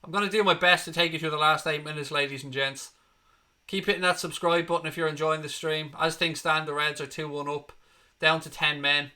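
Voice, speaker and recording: The host of a football fan channel talks his viewers through a match on a live watchalong, reacting bluntly and cursing freely. His voice leans high, with fairly even intonation, a slightly fast pace, and a pushed, bright quality.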